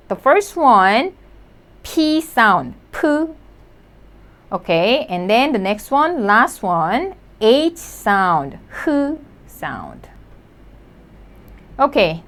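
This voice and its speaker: A woman leads a beginner lesson. She talks slowly and patiently, repeating each sound. Her voice sits a little high and moves up and down a lot. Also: fairly bright tone. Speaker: Korean language teacher. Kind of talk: slow spoken lesson.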